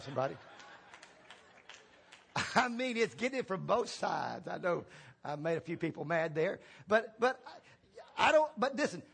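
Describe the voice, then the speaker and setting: A man's voice: high-pitched, vocal fry, a bit bright, breathy edge. A male pastor preaching a sermon in a church, calling for responses and repeating key phrases for emphasis, with folksy humor. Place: church sanctuary.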